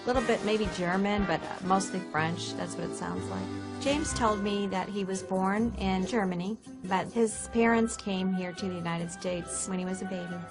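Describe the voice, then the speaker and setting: A woman's voice: medium pitch, fairly even intonation, normal speed, few pauses, over loud music. A woman, a talk show guest, telling her own story in a plain, matter-of-fact way. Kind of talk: recorded personal account.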